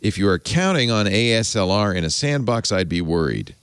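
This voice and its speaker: A man's voice: lowish voice, lively intonation, fairly quick, a bit bright, clean tone, dry recording, clean studio sound. A man hosting a tech podcast, talking casually and rambling, often correcting himself and chuckling. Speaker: podcast host.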